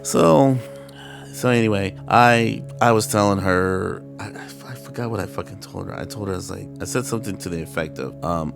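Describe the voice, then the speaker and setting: Middle-aged male host, deep gravelly voice, profane animated storyteller, faint music underneath. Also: fairly quick. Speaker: podcast host telling a personal story. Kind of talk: casual storytelling monologue.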